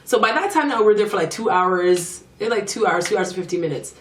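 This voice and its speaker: A young woman telling a storytime in an animated, slangy way, acting out the quotes. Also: mid-range voice, a little fast. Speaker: vlogger. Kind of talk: storytime vlog. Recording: roomy, mic at a distance.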